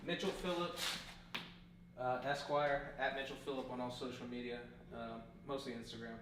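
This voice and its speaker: A man appearing as a comedian guest on a podcast, tossing in dry, quick jokes during casual chat. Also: mid-range voice, flat delivery. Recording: echoey room, distant mic, audible noise.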